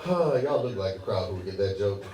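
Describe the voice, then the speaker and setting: A young man from Michigan performing a stand-up comedy set in a club, animated and laughing through his jokes. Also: on the low side, a little fast, very noisy. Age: young adult. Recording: echoey room, far mic, loud crowd.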